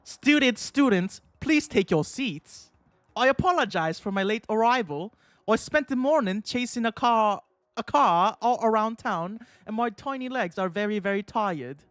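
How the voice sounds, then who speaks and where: A man voicing an eager little male dog who is a professor, in a deliberately bad put-on British accent, formal and lecturing. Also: high-pitched, expressive, fairly bright tone, no room sound, voice pushed up.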